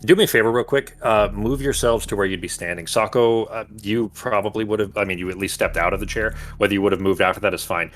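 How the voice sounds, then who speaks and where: A man's voice: lowish voice, quick pace, few pauses, fairly bright tone, slight background noise. A man acting as game master, explaining rules in a chatty way with many fillers. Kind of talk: running a tabletop game over voice chat.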